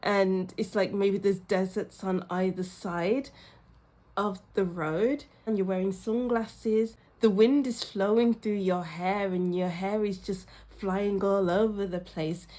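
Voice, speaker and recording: Giggly woman giving an excited tarot reading. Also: medium pitch, slow pace. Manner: giggly, exclamatory, frequent bursts of laughter. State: a little ill and tired. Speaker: tarot reader. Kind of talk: intuitive tarot reading to camera.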